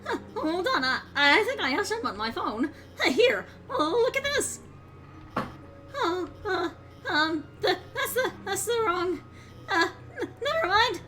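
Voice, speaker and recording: A woman's voice: very animated, measured pace, pushed and bright, soft background music, exaggerated voice. A woman voicing a nervous female lizard scientist who stutters and fumbles her words. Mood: flustered. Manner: stuttering, flustered, squeaky. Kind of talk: voicing game dialogue on a livestream.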